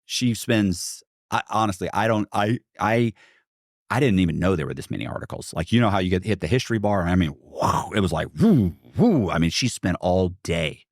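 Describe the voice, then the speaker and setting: Deep-voiced man telling a story. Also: expressive, moderate pace, dry recording, clean studio sound. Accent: American. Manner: rambling, many restarts and asides. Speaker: podcast guest. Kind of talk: casual storytelling.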